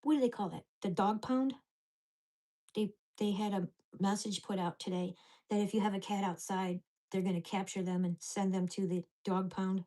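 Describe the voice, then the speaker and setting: A woman's voice: medium pitch, level tone, fairly quick, warm tone. A woman vlogger at home, venting angrily and swearing about her neighbors. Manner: ranting, profane, indignant. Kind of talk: angry venting vlog.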